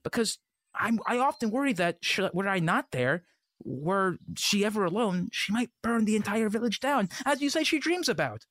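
A man's voice: high-pitched, sing-song, moderate pace, a bit bright, no echo, studio quality. A man playing a horse who serves as the queen's advisor. He rambles and stammers in an improvised comedy play. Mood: scheming.

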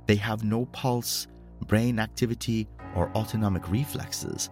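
A man's voice: lowish voice, steady tone, unhurried, darkish tone, soft background music, voice pushed up, close to an everyday voice. A man voicing a grim old career officer.

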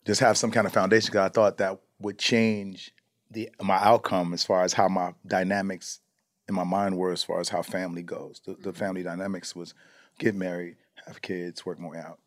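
A man from Chicago, a comedian guest, telling casual stories in a profane, animated way and acting out the people in them. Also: low voice, moderate pace. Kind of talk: casual storytelling chat.

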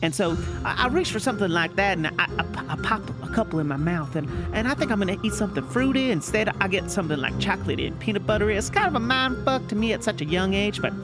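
Женщина играет хвастливого болтливого южанина с южноамериканским акцентом, который медленно и сбивчиво рассказывает байку. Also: female voice, mid-range voice, expressive, quick pace, hardly any pauses, over music, lightly acted. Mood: drawling yarn. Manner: drawling, rambling, full of fillers. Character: boastful rambling Southern man, storyteller. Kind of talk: improvised comedy character.

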